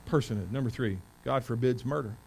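A man in his forties preaching a sermon in a church, reading scripture loudly and with force, then telling stories in a quieter voice. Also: fairly low pitch, normal speed, a little hiss or hum, rough recording. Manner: rises to loud emphatic preaching when reading scripture, drops to quiet storytelling. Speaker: pastor. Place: church service.

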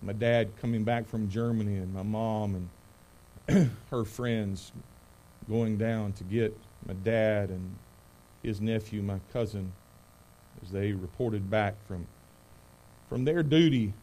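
A man's voice: on the low side, slow, pauses often. Emphatic man preaching a sermon. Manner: emphatic preaching, rising loud on key words; soft, hushed prayer. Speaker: pastor. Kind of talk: sermon with scripture reading and prayer.

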